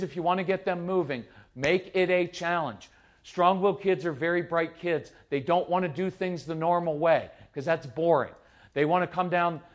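A middle-aged man with a fairly high voice talks about parenting. He is energetic and conversational, keeps asking "right?", and slips into quick quoted voices to act out little scenes. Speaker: parenting speaker. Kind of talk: live parenting talk.

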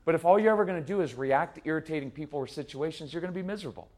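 Intense guy doing a parenting talk live, animated, slips into little voices for parents and kids. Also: a little high, very fast. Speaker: parenting speaker.

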